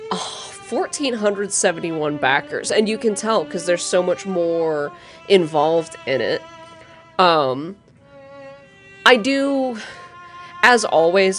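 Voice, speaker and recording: A woman hosting a let's play, talking casually about the game in a relaxed, chatty way. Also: lowish voice. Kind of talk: casual gameplay commentary.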